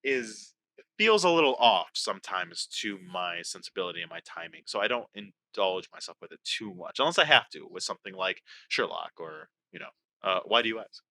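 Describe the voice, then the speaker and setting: A man's voice: low voice, sing-song, a little fast, sharp tone. A young man co-hosting a podcast, joking and playfully indignant, now and then swearing. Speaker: podcast co-host. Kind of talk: casual podcast banter.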